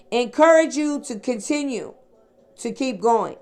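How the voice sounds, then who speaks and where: A woman's voice: on the high side, expressive, moderate pace, clean tone, faint music behind. A woman from the Chicago area giving a casual psychic reading, rambling and talking straight to her listeners. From Chicago area, USA. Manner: rambling, addresses listeners directly with "okay?" and "sweetheart". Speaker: psychic reader. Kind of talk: casual spiritual reading monologue.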